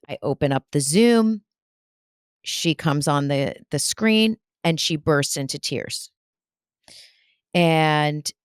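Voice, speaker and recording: Low-pitched lady medium chatting away, playful asides, dry close sound. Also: smooth, no room sound. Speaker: spiritual medium. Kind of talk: casual storytelling monologue.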